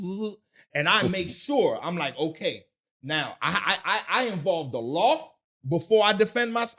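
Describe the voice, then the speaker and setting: A man telling his story as a guest in a casual interview, with profanity and voices he imitates. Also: high-pitched. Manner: animated, profane storytelling with mimicked voices and shouting.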